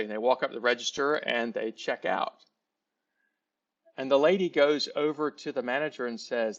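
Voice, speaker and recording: A man, a sales trainer, telling a teaching story in a folksy, animated way, in a slightly muffled recording. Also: medium pitch, moderate pace. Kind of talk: storytelling lesson.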